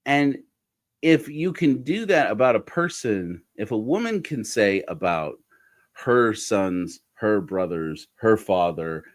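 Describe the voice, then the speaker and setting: A middle-aged man hosting a godless sermon, talking in a rambling, self-correcting way with wry asides. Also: low-pitched. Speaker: podcast host. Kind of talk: casual sermon-style commentary.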